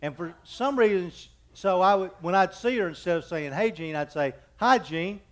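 A male pastor in his fifties gives a sermon with a slightly raised pitch. He talks in a folksy, joking way, trades one anecdote for the next, and often halts and restarts mid-sentence. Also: expressive. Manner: halting, with frequent restarts.

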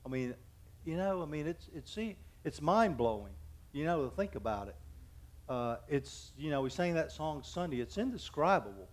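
A male pastor in his fifties gives a sermon with a slightly raised pitch. He talks in a folksy, joking way, trades one anecdote for the next, and often halts and restarts mid-sentence. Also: very animated. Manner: halting, with frequent restarts.

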